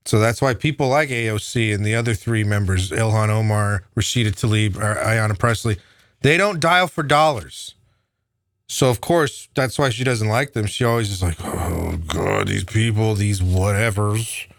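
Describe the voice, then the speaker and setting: A man's voice: lowish voice, animated, normal speed, a bit bright, no room sound, studio quality. A man delivering an angry, profane political rant, heated and sneering. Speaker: political commentator.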